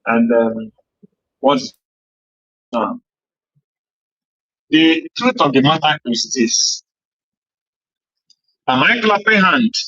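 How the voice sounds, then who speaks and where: A man calling in to a live program, hesitant and slowly listing names. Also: a little high, sing-song, pushed and bright, husky, dry recording, lo-fi sound. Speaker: caller. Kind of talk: call-in remarks.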